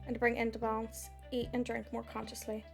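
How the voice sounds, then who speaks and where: A woman's voice: on the high side, completely flat delivery, a little fast, gravelly, faint music behind. A woman, chatting casually on a live stream while reading oracle cards, giggly and swearing, with a sore throat.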